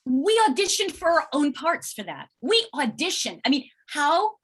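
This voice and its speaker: A middle-aged actress chatting as an interview guest, telling stories in an animated way and acting out what people said. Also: female voice, sits high, normal speed. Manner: animated storyteller acting out quoted exchanges. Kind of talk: casual interview chat.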